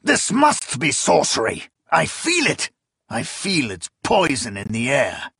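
A man voicing a volatile, suspicious emperor who shouts shrill accusations. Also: wildly swooping pitch, slow pace, gravelly, husky, no echo, clean studio sound, heavily acted. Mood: furious.

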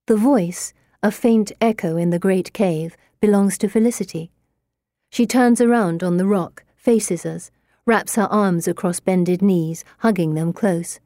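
Clean studio sound with a dry recording carries a woman's low-leaning voice as she narrates an audiobook, her storytelling steady and measured.

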